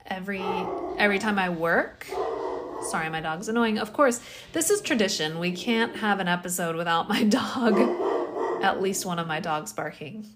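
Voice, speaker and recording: A woman's voice: mid-range voice, expressive, normal speed, background noise. A tired woman hosting a casual solo podcast, rambling and questioning herself, with sighs, yawns and small laughs. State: tired, yawning. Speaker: podcast host.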